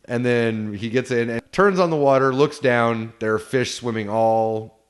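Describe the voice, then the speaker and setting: A man co-hosting a casual review chat, retelling scenes and swearing freely. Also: medium pitch. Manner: retells scenes with quick put-on character voices, swears often. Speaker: podcast co-host reviewing a horror episode.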